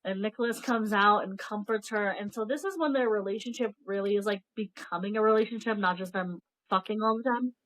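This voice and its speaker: A woman's voice: mid-range voice, fairly quick, hardly any pauses, poor audio. A young woman co-hosting a casual podcast, retelling a book's plot with swearing, laughter and acted-out lines. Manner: animated storytelling, acts out characters' lines, laughs often, swears casually. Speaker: podcast co-host. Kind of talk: casual book review chat.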